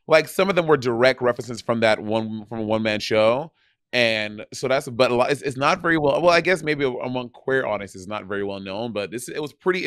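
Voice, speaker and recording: A man's voice: medium pitch, fairly bright tone, no room sound. Male podcast co-host, casual and rambling, dry close mic. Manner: rambling, many restarts and fillers. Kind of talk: casual chat.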